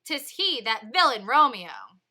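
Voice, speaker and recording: A woman reading the lines of an angry young male swordsman spoiling for a fight, in a loud, heated voice. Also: fairly high pitch, lively intonation, moderate pace.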